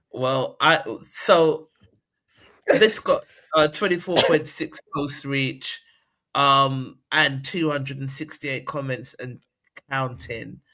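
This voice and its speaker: A woman's voice: a bass voice, drawn-out words, pauses often, a bit bright. A woman hosting a casual chat, reading out viewer comments with blunt, laughing asides. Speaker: host.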